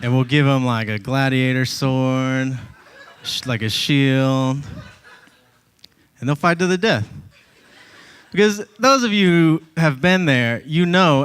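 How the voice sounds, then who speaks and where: A man's voice: mid-range voice, lively intonation, slow, pauses often, a bit bright, clear, resonant tone. A man from Georgia performing a stand-up comedy set on a club stage, wry and conversational, into a handheld mic.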